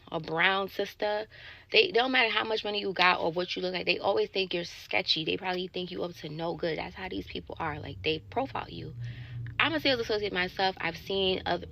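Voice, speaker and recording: A woman telling a casual story to camera about a bad date, indignant and animated, swearing and acting out both sides of the dialogue. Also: on the low side, gravelly. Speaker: sales associate telling a dating story.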